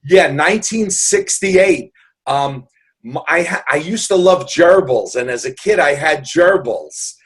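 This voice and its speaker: Slightly rough and on the high side, this man's voice is expressive and unhurried. He's in his sixties, from New York City, and as an interview guest he tells casual stories earnestly and with humor, rambling and restarting a lot.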